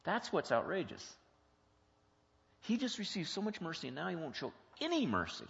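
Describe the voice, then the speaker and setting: A man's voice: a little high, huge pitch swings, moderate pace, vocal fry, a bit bright. A male pastor giving a conversational teaching sermon in a church, putting many questions to the congregation in a plain, chatty way. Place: church sanctuary. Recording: long hall reverb, dull lo-fi sound.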